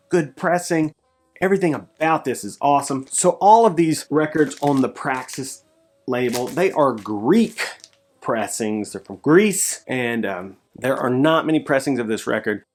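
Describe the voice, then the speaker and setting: A male record collector chats through his recent finds in a casual vlog. He gets excitable, his voice leaping up when he is thrilled before settling back low. Faint music plays quietly behind him. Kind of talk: casual show-and-tell vlog.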